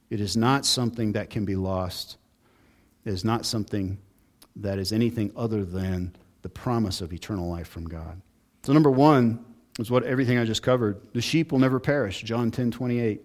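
A man preaching a sermon as pastor, earnest and building emphasis on key points. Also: medium pitch.

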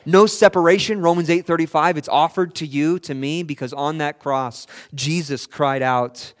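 A man preaching a sermon in an earnest, pleading way, his voice swelling loud and dropping soft, with frequent restarts. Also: on the high side, fairly even intonation, normal speed.

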